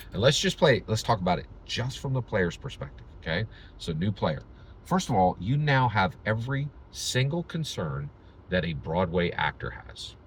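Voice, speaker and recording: A man's voice: deep voice, a little hiss or hum. A man hosting his own vlog, talking in an emphatic, sarcastic commentary style full of rhetorical "right?"s. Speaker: channel host.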